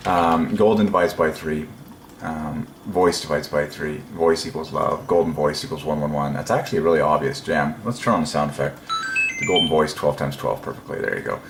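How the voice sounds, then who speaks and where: A man's voice: a bass voice, steady tone, fairly quick, roomy sound, noisy background. A man giving a casual solo preaching talk, rambling and musing with frequent ums and chuckling to himself. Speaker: religious video presenter.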